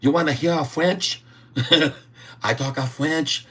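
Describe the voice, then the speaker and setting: A man's voice: medium pitch, drawn-out words, a bit bright, voice pushed up. A man putting on an exaggerated broken-English caricature voice, sing-song and giggling. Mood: cheeky. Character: cartoonish broken-English foreign man, cheeky boaster.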